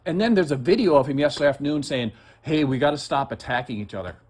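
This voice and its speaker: A man's voice: medium pitch, expressive, fast, darkish tone, slightly rough. An agitated man ranting in heated, profane, rambling conversation as he makes a complaint. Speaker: complaining citizen.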